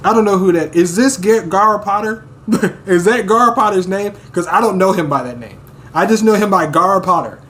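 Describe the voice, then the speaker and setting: A man's voice: high-pitched, brisk, fairly bright tone. A man hosting a casual manga reaction, reading along with blunt, profane asides and frequent laughter.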